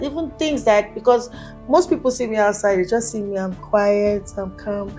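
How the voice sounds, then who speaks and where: A woman's voice: mid-range voice, fairly even intonation, moderate pace, mellow, soft background music. A woman singer, a guest in an interview, telling her story with animation and acting out other people's voices when she quotes them.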